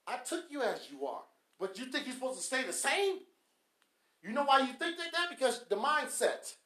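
A man with a high, bright, forceful voice gives a motivational talk on his podcast. He preaches in emphatic bursts and fires off rhetorical questions. The room around him has a noticeable echo. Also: expressive, normal speed. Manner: emphatic preacher-like cadence with rhetorical questions, swinging between soft and loud. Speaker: podcast host.

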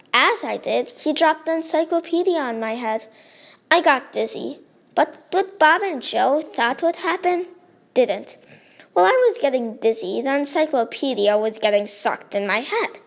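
A woman reading her own story aloud in a lively, expressive way. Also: high-pitched.

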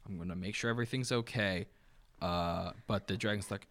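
A man co-hosting a casual book discussion, talking haltingly with many restarts. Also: sits low, a bit bright. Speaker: podcast co-host.

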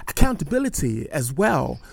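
A man's voice: a little high, sing-song, a little slow, vocal fry, darkish tone, dry recording. A man hosting a podcast, talking earnestly with many restarts and fillers. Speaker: podcast host. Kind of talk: casual podcast chat.

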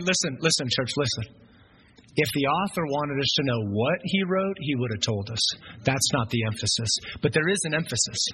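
A male pastor delivers a sermon with a bright, fairly high and sharp voice. He fires rhetorical questions at the congregation, and his pitch swings up and down. A faint noise sits under his voice. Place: church.

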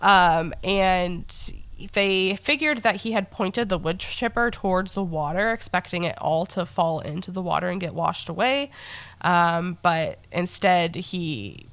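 A woman's voice: lowish voice, measured pace, fairly bright tone, no echo. A young woman co-hosting a casual true crime podcast, just getting over being sick, telling the story bluntly with many ums and sarcastic asides. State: recovering from illness, coughing. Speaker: podcast co-host.

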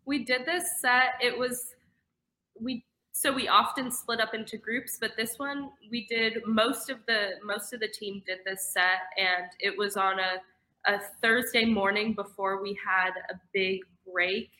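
Young female swimmer, bright-toned, earnest. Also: medium pitch, fairly even intonation, unhurried, low-quality recording. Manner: earnest, explains step by step. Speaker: swimmer on a team. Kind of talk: casual interview answers.

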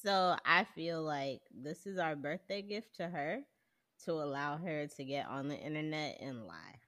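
A woman's voice: low voice, lively intonation, a little slow, fairly bright tone. A woman co-hosting a podcast with friends in casual chat, teasing and explaining things. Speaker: podcast co-host.

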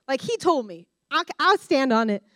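High-voiced woman preaching with stories. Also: moderate pace, no echo. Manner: candid, animated storyteller who addresses the room directly. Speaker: guest speaker at a discipleship school. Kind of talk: personal-story sermon talk.

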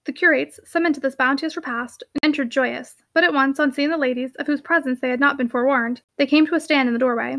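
A woman reading a classic novel aloud in a brisk, lively narration. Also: high voice. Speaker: audiobook reader.

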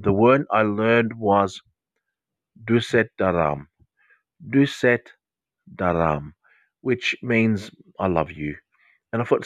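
A man's voice: low-pitched, fairly bright tone, dry recording, lo-fi sound. An Australian man hosting a live podcast, chatting straight to his listeners. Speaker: podcast host and counsellor.

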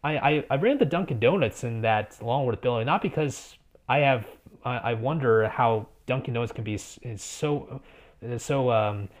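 A young man in his twenties speaks as a podcast guest, in a middle-pitched voice. He is earnest and encouraging, and he often stumbles and restarts his sentences as he thinks aloud. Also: normal speed. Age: 20s. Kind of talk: conversational podcast interview.

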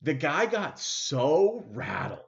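A man host telling a story casually, animated, with many fillers, acting out what people said. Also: fairly high pitch, slow pace, creaky. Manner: animated, full of fillers and acted-out quotes. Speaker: podcast host. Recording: dull lo-fi sound.

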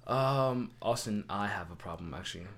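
Young male co-host, low voice, rambling and playful, casual chat. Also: normal speed, fairly bright tone, a little hiss or hum. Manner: playful, rambling, mock-indignant. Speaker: podcast co-host.

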